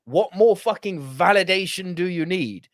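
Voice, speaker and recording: A man's voice: high-pitched, normal speed, no room sound, studio quality. A man co-hosting a podcast, ranting in casual chat with lots of swearing. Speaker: podcast co-host.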